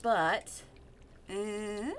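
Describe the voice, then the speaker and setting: A woman's voice: mid-range voice, extremely slow, background noise. A woman hosting a tabletop game stream, chatty and rambling as she reads announcements. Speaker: stream host.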